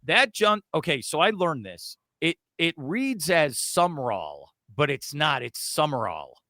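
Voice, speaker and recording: An excitable man jokes his way through football talk on a sports show. His voice is bright and somewhat gravelly, and it swings widely in pitch. The sound is dry and close. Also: unhurried, no echo. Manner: excitable, joking.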